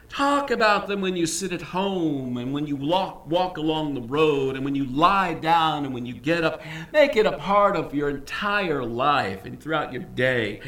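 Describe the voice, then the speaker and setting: A man preaching a sermon as pastor, emphatic and animated, dropping quick jokes and asides. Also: a little high, roomy sound.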